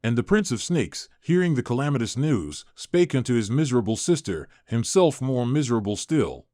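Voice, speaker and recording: A man narrating an old epic translation in a measured, formal audiobook reading. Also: mid-range voice, big pitch swings, mellow, dry recording, clean studio sound.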